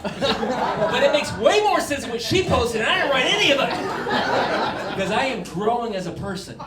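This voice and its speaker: Man, stand-up comedian, wry rambling delivery, roomy distant sound, loud background noise. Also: very high-pitched, big pitch swings, moderate pace. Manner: rambling, wry storytelling with laughs.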